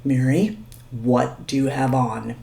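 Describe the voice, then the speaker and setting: A serious, nerdy male shift manager, as a woman puts him on, who questions in a flat, stern way. His tone is low and quiet, with no playfulness at all. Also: slow, vocal fry, heavily acted.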